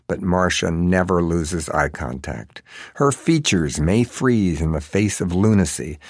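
Deep gravelly male storyteller. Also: a little mellow, dry recording, clean studio sound. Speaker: narrator. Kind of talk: scripted narration.

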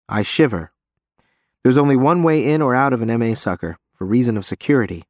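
A man's voice: medium pitch, brisk, dry recording, studio quality. A man narrating a story in first person. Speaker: audiobook narrator. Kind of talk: scripted narration.

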